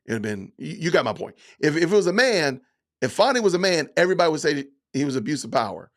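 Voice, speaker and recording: A man hosting a livestream podcast, talking casually to his chat, often slipping into mock-offended sarcasm and drawn-out emphasis. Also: on the high side, sing-song, a bit bright. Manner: addresses chat commenters by name. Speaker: podcast host reading live chat.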